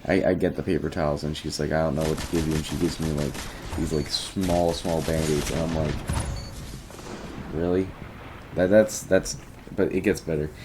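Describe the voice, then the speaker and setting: Teenage boy, very low voice, rambling casual vlog story, faint room hum. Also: steady tone, fairly quick. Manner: rambling, restarts often, quotes himself. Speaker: vlogger.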